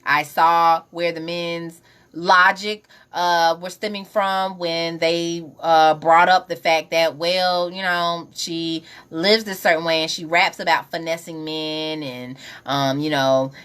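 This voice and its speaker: A woman's voice: on the low side, steady tone, slow pace, fairly bright tone, clean tone. Blunt, candid woman live-streaming. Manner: candid, conversational, reads and answers viewer comments; blunt, uses slang and profanity freely. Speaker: podcast host. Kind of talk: casual live-stream commentary.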